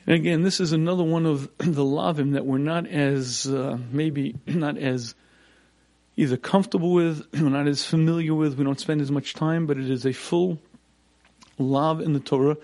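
A man giving a Torah lecture as a rabbi, clearing his throat often and repeating points for emphasis. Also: a little high, fairly even intonation, moderate pace, a little mellow.

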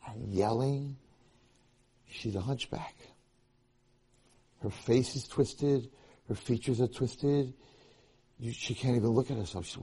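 A man giving a Torah lecture, telling a story in an animated way that restarts and repeats phrases often. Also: medium pitch, measured pace, gravelly, long pauses, slightly rough.

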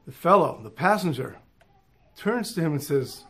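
A man telling a moral story in an animated way, dropping in Hebrew and Yiddish terms. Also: a little high, moderate pace, pauses often.

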